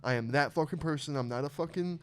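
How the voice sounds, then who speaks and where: A young man with a smooth, resonant voice tells raw, heartfelt stories on a casual podcast. He swears constantly and talks in an open, emotional way. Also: fairly high pitch, fast talker. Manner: emotional storytelling, heavy swearing. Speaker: podcast host.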